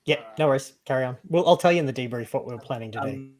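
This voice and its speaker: A man's voice: medium pitch, very fast. A man playing in a tabletop game, mock-exasperated with the game master. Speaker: player. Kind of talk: casual tabletop chat.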